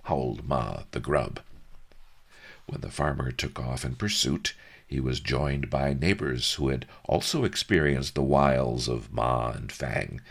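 A man reads an audiobook in an extremely deep, gravelly voice. He takes a slow, unhurried pace with wry, dry storytelling and a lively, rising and falling delivery. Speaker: narrator. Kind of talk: audiobook narration.

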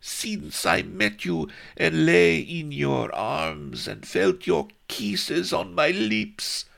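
A man voicing a petulant young woman disguised as a boy, in a high plaintive falsetto. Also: lively intonation, extremely slow, gravelly, fairly bright tone, exaggerated voice.

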